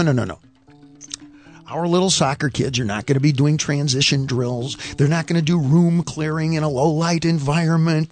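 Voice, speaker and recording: Animated, opinionated man doing stand-up. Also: a little high. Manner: animated, mimics voices, opinionated. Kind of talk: stand-up comedy rant.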